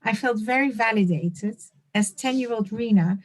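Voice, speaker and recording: Woman, trainee, higher voice, earnest, hesitant, restarts. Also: normal speed. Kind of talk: group feedback in training.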